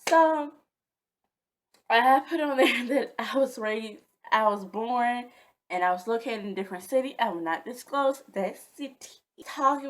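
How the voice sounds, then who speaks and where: A woman vlogger telling a casual storytime in a dramatic, chatty way. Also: on the high side.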